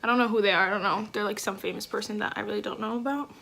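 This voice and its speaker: A woman's voice: mid-range voice, steady tone, rapid-fire, creaky, fairly bright tone, a little hiss or hum. A woman beauty vlogger chatting through a makeup tutorial at home, gushing and effusive, with lots of fillers. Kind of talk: casual makeup tutorial chat.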